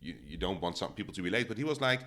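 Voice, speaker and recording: Guy gossiping on a podcast, super animated voice, laughs a lot. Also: on the low side, rapid-fire. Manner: chatty, gossipy, laughs often. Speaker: podcast co-host. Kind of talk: casual chat.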